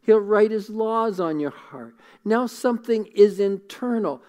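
A middle-aged man preaching a sermon, earnest and emotional, repeating phrases and dropping to a hush. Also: sits high, animated, unhurried, clean tone. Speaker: pastor.

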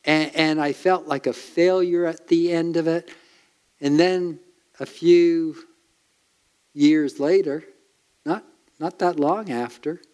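Earnest preacher with a higher voice. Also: male voice, a little mellow. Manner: earnest, emphatic preaching with dramatic pauses. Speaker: pastor. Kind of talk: sermon.

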